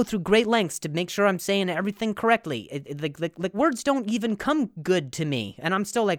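A man's voice: high voice, expressive, brisk, hardly any pauses, no room sound, studio quality. A young man hosting a comedy podcast, rambling and profane, with sarcastic rants full of restarts. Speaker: podcast host.

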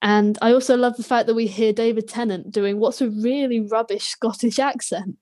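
A woman's voice: a little high, steady tone, normal speed, dark tone. A woman co-hosting a podcast, reviewing a TV episode in casual chat with a wry, lightly sarcastic manner. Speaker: podcast co-host.

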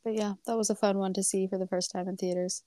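A woman's voice: medium pitch, little pitch movement, fast talker, warm tone, dry recording, studio quality. A woman co-hosting a podcast, easygoing and reassuring in casual chat. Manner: easygoing, laughs along, reassuring. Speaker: podcast co-host.

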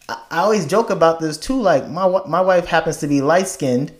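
With a voice on the high side and a slightly quick pace, a man from Africa talks casually and animatedly. He laughs often, stresses his points emphatically, and keeps restarting sentences.

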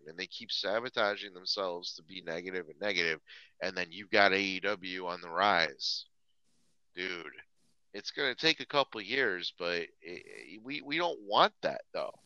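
Bright-voiced man ranting on a podcast. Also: mid-range voice, clear, resonant tone, dry recording, muffled recording. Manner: animated, profane, frequent restarts and stammers. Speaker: podcast co-host. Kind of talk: casual podcast rant.

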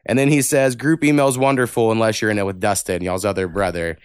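Podcast host, man, smooth voice, dry close mic, blunt and profane chatter. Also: on the low side, fast, no room sound. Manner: blunt, heavy cussing, animated rants. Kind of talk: casual podcast chat, reading listener emails.

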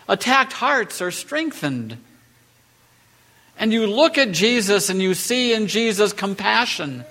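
A pastor preaches from the pulpit in church, his high-pitched voice fairly bright. He is emphatic, asks rhetorical questions, and rises on key phrases as his lines build.

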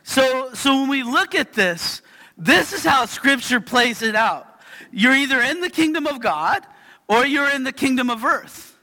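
High-voiced man preaching in an echoing hall. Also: animated, measured pace, pushed and bright. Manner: chatty storytelling, keeps asking "right?". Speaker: pastor. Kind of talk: sermon. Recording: long reverb of a hall.

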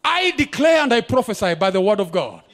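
A middle-aged man, preaching a sermon as a visiting pastor at a church service, declaring prophecies in shouted bursts. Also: sits high, sing-song, a little fast. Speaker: guest pastor.

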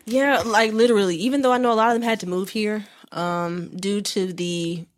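Young woman on a podcast, chatty and slangy, middle pitch, jumps around in her stories. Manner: animated, chatty, slangy, quick asides. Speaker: podcast co-host. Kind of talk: casual podcast chat.

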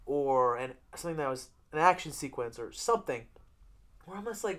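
A podcast co-host chatting casually about a TV series. The talk rambles, full of swearing and lively acted-out retellings. The voice sits at a middle pitch. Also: moderate pace. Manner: profane, rambling, with animated retellings. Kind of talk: casual chat reviewing a TV series.

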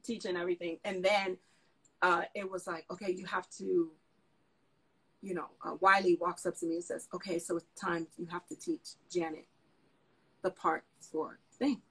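A woman telling a lively story in a casual interview, excitable and full of slangy asides. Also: lowish voice, normal speed, breathy edge, poor audio. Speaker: guest dancer and choreographer.

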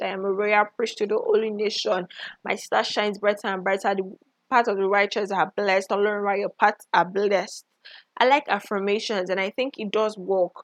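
A woman's voice: medium pitch, no echo. A young woman, hosting an online question session and giving Christian encouragement, repeating key phrases for emphasis. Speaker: host answering listener questions. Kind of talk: Christian motivational talk. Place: recorded for an online live session. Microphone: phone.

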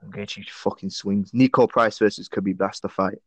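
A man's voice: fairly low pitch, fairly even intonation, normal speed, husky, dry recording. A man co-hosting a casual podcast, giving blunt, sweary opinions on fighters. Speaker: podcast co-host. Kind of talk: casual chat.

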